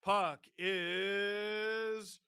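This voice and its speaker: A hoarse man calls hockey live, rattling off the play quickly and bursting into loud shouts at big moments. His voice sits fairly high but is roughened by a cold. The sound is close and dry, with no room around it. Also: dry recording. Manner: rapid play-by-play with sudden excited shouts. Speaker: host, live game watch-along.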